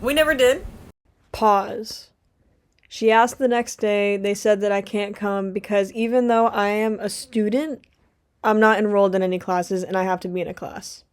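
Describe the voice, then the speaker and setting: A woman's voice: medium pitch, steady tone, moderate pace, a little hiss or hum. A young woman vlogging casually, rambling through a story, swearing a lot and laughing often.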